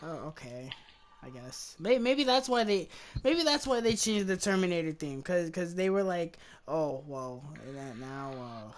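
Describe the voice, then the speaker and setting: A woman's voice: mid-range voice, expressive, normal speed. A woman hosting a podcast, chatting loosely about a movie, swearing freely and trailing off. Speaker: podcast host. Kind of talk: casual movie review chat.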